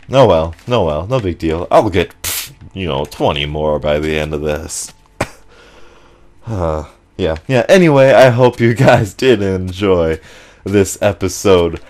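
Low-voiced young man chatting over gameplay. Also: takes it slowly. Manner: rambling, excitable storytelling with laughs. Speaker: gaming channel host. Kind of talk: casual commentary over gameplay.

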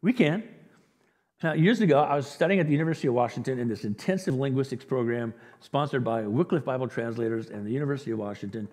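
A male pastor preaching a sermon, telling the story in an animated way and acting out the quotes with chuckles. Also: mid-range voice, very fast, hardly any pauses. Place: church sanctuary. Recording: long reverb of a large hall.

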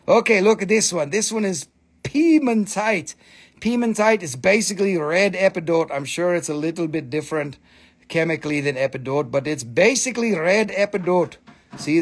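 A man hosting a live crystal sale, excitable and casual, swearing freely in broken grammar. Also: high-pitched, moderate pace. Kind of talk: casual live-stream selling.

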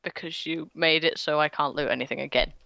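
A woman's voice: low voice, fairly even intonation, brisk, creaky, sharp tone, dry recording. A woman playing a game with a friend, teasing him playfully and giggling in casual chat. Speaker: co-player. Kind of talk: casual let's-play chat.

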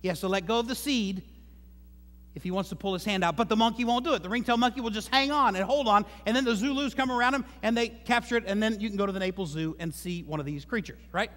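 High-voiced pastor in a reverberant church. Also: male voice, quick pace, fairly bright tone. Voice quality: conversational, joking asides. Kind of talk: sermon. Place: church sanctuary. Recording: long hall reverb.

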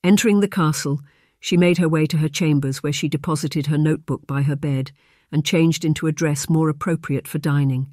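An audiobook narrator reading a historical romance in a measured, even storytelling manner. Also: medium pitch, no room sound, studio quality. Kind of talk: scripted narration.

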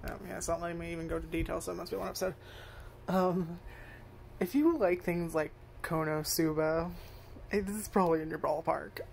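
A woman's voice: on the low side, a little fast, vocal fry, darkish tone, slight background noise. A woman giving casual first impressions of a show, rambling, swearing freely and correcting herself as she goes. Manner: rambling, profane, self-correcting. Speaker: anime reviewer.

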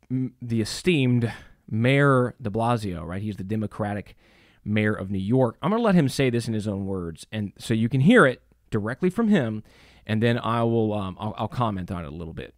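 A man's voice: mid-range voice, big pitch swings, normal speed, no room sound, studio quality. A middle-aged man preaching to a church audience, emphatic, with rhetorical questions and many fillers. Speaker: church speaker. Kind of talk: preaching talk.

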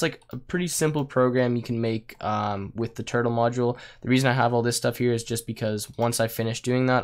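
A young man talks through a coding tutorial in a relaxed, chatty way, his voice raspy and worn from a week of losing it. His pitch sits a little low. Keys clack now and then in the background. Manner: casual, with fillers like um and like. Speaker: programming tutor. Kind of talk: screen-recorded coding tutorial.

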